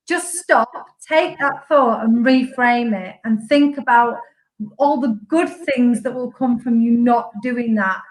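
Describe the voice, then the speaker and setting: Woman, high voice, jokey podcast guest. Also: moderate pace, rough recording. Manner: jokey, laughs often. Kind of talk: casual podcast chat.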